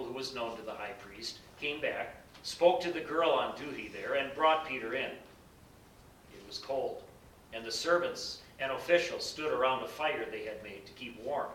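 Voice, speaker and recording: A man reading scripture aloud in a measured, solemn way. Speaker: scripture reader. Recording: bright roomy echo, distant mic, faint rumble.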